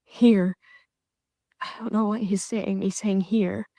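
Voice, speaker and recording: A self-described psychic woman recording a social media clip, shaken and emotional, halting, often dropping into whispers. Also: mid-range voice, steady tone, dark tone, no echo. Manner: halting, shaky, slipping into whispers.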